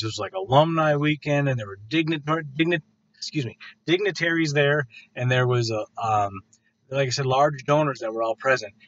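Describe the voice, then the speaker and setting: Rambling middle-aged man, muffled recording. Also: medium pitch. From Michigan's Upper Peninsula. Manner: rambling, many fillers and restarts, grows animated when telling a story. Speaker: student giving an oral presentation. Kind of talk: casual spoken presentation. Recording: dull lo-fi sound.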